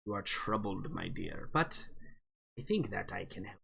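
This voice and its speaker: A man voicing an old, gruff male dwarf spirit who speaks slowly and lowly in a tabletop game. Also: lively intonation, a bit bright, slight background noise, full character voice. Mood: shrewd. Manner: slow, low, measured speech.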